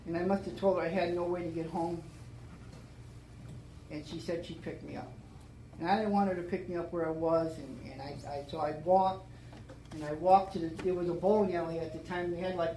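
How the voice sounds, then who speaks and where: An older man tells his sobriety story in a fairly high voice, and his words stumble and repeat as the feeling rises. The talk rings out in an echoey room with a faint hum of ambience behind it. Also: fairly quick, warm tone. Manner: emotional, repetitive storytelling with many restarts. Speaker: AA speaker. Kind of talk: recovery talk to a meeting.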